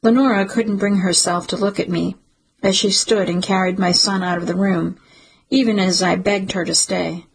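A woman reading a first-person audiobook in a measured, emotional storytelling manner. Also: mid-range voice, steady tone, creaky, slightly rough, rough recording. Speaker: audiobook narrator.

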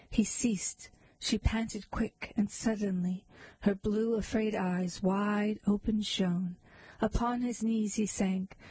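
A woman reads a long narrative poem aloud at an unhurried, measured pace. Her voice is mellow and slightly husky. The recording is close and dry. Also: medium pitch, no room sound, low-quality recording. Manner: slow, measured recitation, soft whispers at times. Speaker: poetry reader.

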